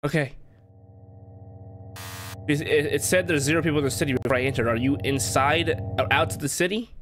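This man plays a horror game and comments as he goes, nervous, chatting to himself and yelping at frights. He speaks briskly in a somewhat high voice over the game's music.

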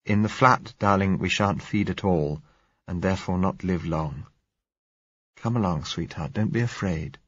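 A man reading an audiobook, voicing a blind young man who coaxes gently and speaks softly. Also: low-pitched, a little slow, husky, dry recording, lo-fi sound. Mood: coaxing. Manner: soft, gently coaxing.

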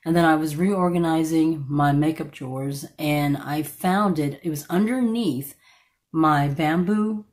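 A woman with a notably low-pitched voice talks through a makeup tutorial in a relaxed, chatty way. Her voice has a slight croak from allergies, and she often stops mid-sentence to correct herself. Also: unhurried. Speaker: beauty vlogger. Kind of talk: casual makeup tutorial chat.

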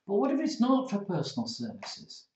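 A man's voice: high-pitched, moderate pace. A man, teaching law as a tutor, telling playful stories and acting out examples. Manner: playful, animated storytelling with acted examples. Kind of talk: recorded lecture. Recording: roomy, dull lo-fi lecture recording.

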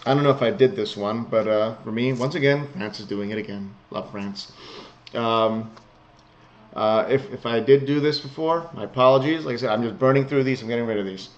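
A sarcastic man riffs bluntly through a batch of news items, chuckling at his own jokes. His voice sits at an ordinary middle pitch. The home recording sounds a little dull and muffled. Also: brisk. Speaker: vlogger reading news. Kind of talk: casual news commentary.

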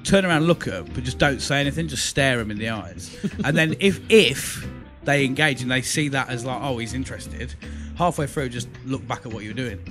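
A man's voice: medium pitch, lively intonation, fairly quick, hardly any pauses, music in the background. A man co-hosting a comedy podcast, chatty and rambling, often laughing. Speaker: podcast co-host. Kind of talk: casual comedy banter.

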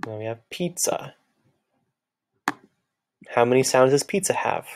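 A man's voice: mid-range voice, lively intonation, unhurried, a little mellow. A man teaching a children's music lesson, patiently clapping out words and chanting their syllables.

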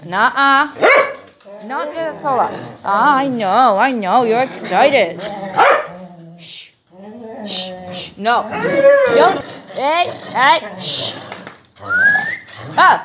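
A woman's voice: on the high side, animated, slow pace, long pauses, a crowd in the background. A young woman with a Brazilian accent, a native Portuguese speaker, vlogging casually and coaxing her pets with affectionate baby talk.

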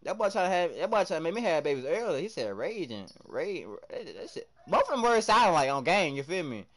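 A young man streaming live, excitably commenting on his game, shouting at teammates and chatting with viewers in heavy slang. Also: a little high, a little fast. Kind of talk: live gameplay commentary and chat reading.

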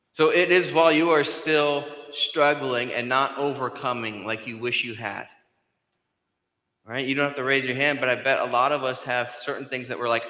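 A man preaches a sermon in a chatty, direct way. His voice is bright and forceful, moving between loud emphasis and quiet, hushed lines. It rings with a long echo through a church hall. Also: medium pitch. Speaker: pastor. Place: church sanctuary.

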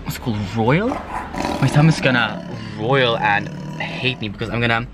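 A man, rambling excitedly and swearing freely as he reviews fast food from his car. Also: medium pitch, heavy background noise. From Sweden. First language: Swedish. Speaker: food vlogger. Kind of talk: casual food review vlog. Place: in a car while driving.

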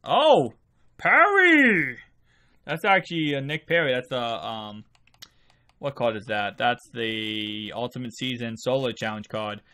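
With a medium-pitched voice at a normal speed, a drowsy man who has just rolled out of bed narrates his gameplay for his video game channel. His commentary meanders casually, broken up by abrupt excited outbursts.

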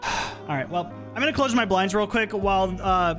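A young man casually chatting and swearing while streaming a horror game, reacting loudly when frustrated. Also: sits high, moderate pace, faint music behind. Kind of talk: casual gaming stream chat.

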